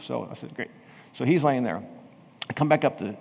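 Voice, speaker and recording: A man's voice: medium pitch, quick pace, vocal fry, breathy edge. A man preaching a sermon in a church, telling a story conversationally and then pressing his point with earnest emphasis. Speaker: pastor. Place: church sanctuary. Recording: dull sound with long hall reverb.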